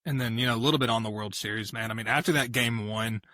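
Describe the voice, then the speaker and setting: A man's voice: mid-range voice, quick pace, sharp tone, no echo. A man co-hosting a casual sports podcast, talking animatedly and laughing easily. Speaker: podcast co-host.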